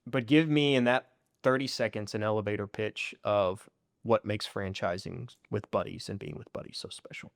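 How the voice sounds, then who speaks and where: A man's voice: lowish voice, fairly even intonation, moderate pace, vocal fry, no room sound, clean studio sound. A man interviewing a company chief, playful and upbeat as he sets up his questions. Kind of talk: sit-down interview.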